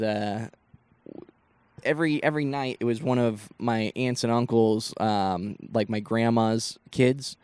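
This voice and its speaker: With a medium-pitched, slightly mellow and smooth voice, a young Northeast Ohio comedian spins rambling, profanity-laced stories packed with asides on his solo podcast. There's no room sound in this casual storytelling.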